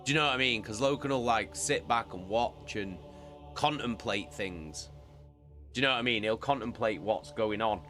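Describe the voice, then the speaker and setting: A man's voice: on the low side, moderate pace, bright, forceful tone, soft background music. A young man, chatting casually with his stream audience, swearing and laughing often. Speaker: streamer reading a novel with chat. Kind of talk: casual live-stream chat.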